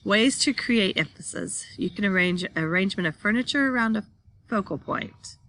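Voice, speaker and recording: Bright-voiced woman teaching from slides. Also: medium pitch, lively intonation, normal speed, dry recording. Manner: reads slide text aloud, then restates it plainly; points at pictures while explaining. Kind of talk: classroom slide lecture.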